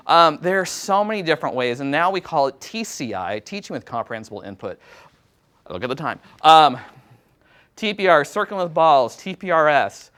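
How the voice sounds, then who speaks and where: A man's voice: a little high, a bit bright. A man who teaches Latin, giving a casual workshop presentation to other teachers in a self-deprecating, chatty way. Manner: casual, self-deprecating, chatty with many fillers and quoted asides.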